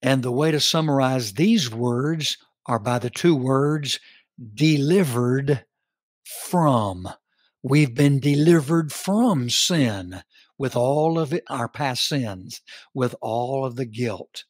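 A man teaching a Bible study on a podcast, reading scripture slowly with emphatic stress. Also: medium pitch, no room sound, clean studio sound.

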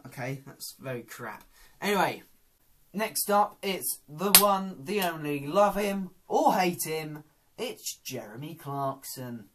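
A man's voice: fairly high pitch, expressive, slow pace, a bit bright, a little hiss or hum. A man hosting a casual comedy vlog, chatty and self-deprecating. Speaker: YouTuber.

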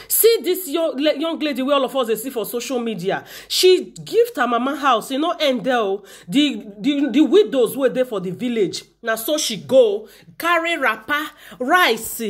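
A woman with a Nigerian accent presenting celebrity news, mixing lively commentary and preachy asides with slow read-outs of posts. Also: a little high. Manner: animated, preachy asides, exclamations; reads posts slowly. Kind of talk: gossip news commentary in Pidgin.

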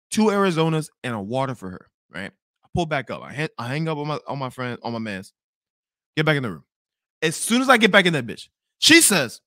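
Fast, animated young man ranting. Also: a little high, no room sound, studio quality. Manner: animated, swearing, repeats himself when angry. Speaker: podcast host telling a story. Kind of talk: profane storytelling rant.

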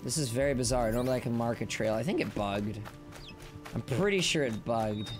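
A man streaming a video game live, playful and goofy, chanting silly lines and shouting at the game. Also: medium pitch, brisk. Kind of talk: live-stream gameplay commentary. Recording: game music playing behind.

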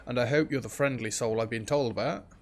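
A man's voice: mid-range voice, fast, soft background music, lightly acted. A man voicing a wary survivalist hero from a game, reading the lines aloud as questions.

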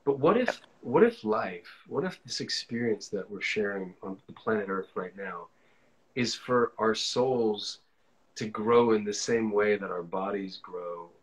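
A man's voice: on the low side, lively intonation, unhurried, a little hiss or hum, poor audio. A man hosting a casual live stream, encouraging his guest and musing reflectively. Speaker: host.

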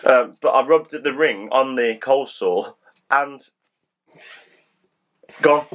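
A man's voice: mid-range voice, slow pace, a bit bright. Middle-aged guy w a bit of a cold, rambly teasing banter. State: slight cold. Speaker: co-host. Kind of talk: casual chat.

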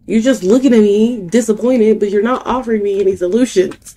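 A woman's voice: mid-range voice, a little fast, mellow. A young woman giving casual let's-play commentary, mocking herself and talking to the game and her viewers. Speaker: gaming youtuber.

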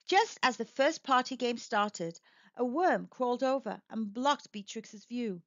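A woman reading a children's picture book aloud, gentle and expressive. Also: fairly high pitch, unhurried, dry recording. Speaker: storyteller. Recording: dull dry recording.

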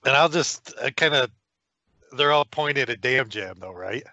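A man's voice: mid-range voice, animated, a little slow, sharp tone, no room sound, dull audio. A man playing a tabletop game, hesitantly thinking aloud about his move. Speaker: player.

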